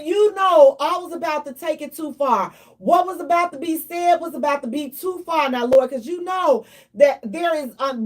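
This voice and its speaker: A woman hosting a radio talk show in a lively, playful storytelling manner. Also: high voice. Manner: animated, playful, slips into mock prayer and acted quotes.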